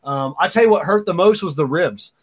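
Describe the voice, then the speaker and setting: A man's voice: on the high side, expressive, fairly quick, husky. A man telling a story in casual chat, repeating his first words as he stammers into sentences.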